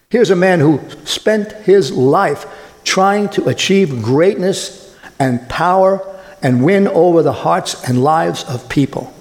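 A man's voice: fairly high pitch, a little mellow, in a large hall. A man preaching a sermon as pastor, emphatic, repeating words and asking the listeners questions.

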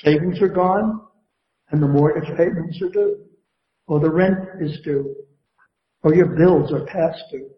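A male pastor preaches a sermon with a voice a little higher than most men's. He builds his emphasis and puts questions to the congregation. The sound is roomy and a bit muffled, as if recorded in a church sanctuary. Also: a little slow, pauses often. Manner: preaching with rising emphasis and call-and-response questions.

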